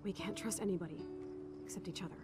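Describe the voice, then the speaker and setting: A woman's voice: mid-range voice, steady tone, fast, close to an everyday voice. An actress playing a blunt, rebellious punk teenage girl in video game dialogue. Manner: blunt, profane, tense. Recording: loud game music behind.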